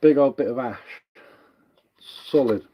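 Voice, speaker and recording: Slow and dark-toned at medium pitch, with a little background noise, the bushcraft streamer carves wood live. He's English, Cockney with some Sussex in it, and he rambles lightly while responding to comments.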